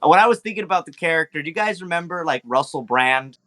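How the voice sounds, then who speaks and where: Speaking fast and animated, a man with a slightly high, somewhat bright voice runs through the previous tabletop session for his players. The recap is casual and loose, stuffed with ums and curses.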